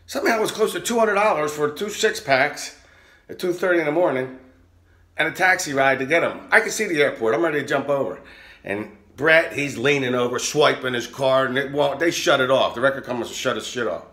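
A man telling a rowdy, profane anecdote in a casual, animated way. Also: mid-range voice, a little fast. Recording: roomy echo.

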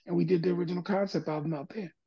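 A man's voice: high voice, racing, husky, highs cut off. An older man, a music producer and guest, telling stories in a casual interview and acting out other people's voices as he goes. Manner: animated storyteller, acts out quoted voices.

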